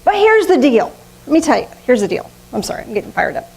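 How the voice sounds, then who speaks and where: An older woman preaching a sermon in a lively, conversational way, often laughing at herself. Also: high voice, fast talker, creaky, slightly rough, rough recording. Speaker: minister.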